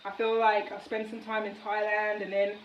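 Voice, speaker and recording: A UK woman vlogs casually from her home kitchen for a cooking video, rambling with plenty of fillers. Her medium-pitched voice is monotone and moderately paced. The lo-fi audio comes from a distant mic in a roomy kitchen, with slight, faint background noise.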